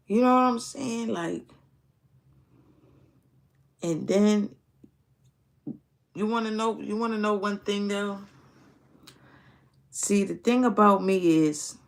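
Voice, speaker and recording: A streamer tells his own story in a casual, candid, reflective manner, swearing often and repeating phrases in his speech. His voice sits high and creaky, and he talks slowly with frequent pauses.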